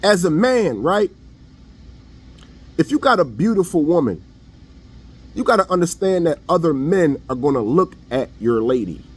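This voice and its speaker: A man's voice: on the high side, very animated, normal speed, long pauses, breathy edge. A man giving a blunt, preachy opinion monologue online in casual slang. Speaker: online commentator.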